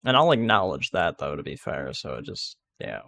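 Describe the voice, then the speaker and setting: A man's voice: rumbling low, sing-song, normal speed, gravelly, pushed and bright, no echo. A man giving casual gameplay commentary, rambling and restarting sentences with many fillers. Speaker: gaming video creator.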